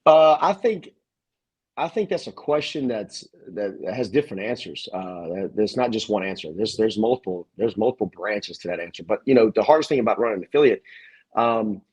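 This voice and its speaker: A man's voice: lowish voice, expressive, a little fast, a little mellow, husky, low-quality recording. A man who owns a gym, talking as a podcast guest in a rambling, emphatic way with many restarts. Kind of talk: casual interview chat.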